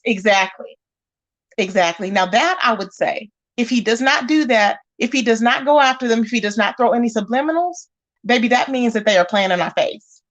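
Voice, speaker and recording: A woman hosting a livestream reads chat at a moderate pace, her voice a little high. Animated and casual, she speaks directly to her audience and calls individuals out.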